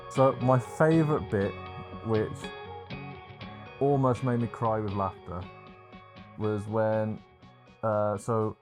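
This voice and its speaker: A man co-hosting a podcast, retelling film scenes in a casual chat, with plenty of fillers and hesitations. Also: fairly low pitch. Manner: animated storyteller, hesitant with fillers. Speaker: podcast co-host.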